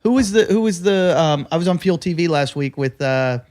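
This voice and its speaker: A man's voice: a little high, animated, brisk, a little mellow. Man telling crude, rambling stories. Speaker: podcast host. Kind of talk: casual podcast banter.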